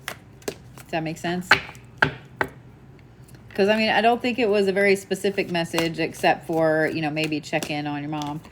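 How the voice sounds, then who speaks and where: A woman's voice: low voice, steady tone, normal speed, pauses often, noisy background. A woman giving live psychic readings, casual and chatty, laughing and swearing now and then. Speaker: psychic medium.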